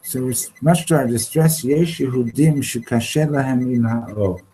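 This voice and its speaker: A man leading an informal Torah class, halting and restarting often, slipping Hebrew terms into his English. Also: medium pitch, warm tone, slight background noise, rough recording. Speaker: Torah teacher. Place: study hall classroom.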